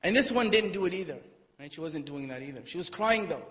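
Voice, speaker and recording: A man lectures a live audience in a hall, with a voice sitting a little high for a man. He tells the story in a relaxed way and stops for playful asides. His words trail off into a long reverberant tail. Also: a little fast. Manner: conversational, playful asides, acts out quotes. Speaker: Islamic lecturer. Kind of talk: storytelling sermon.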